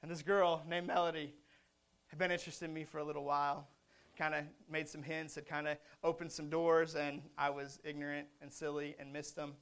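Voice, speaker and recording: A male pastor preaching a sermon with rhythmic, repetitive refrains, swinging from loud emphasis to hushed quiet. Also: a little high, flat delivery, a little fast, smooth.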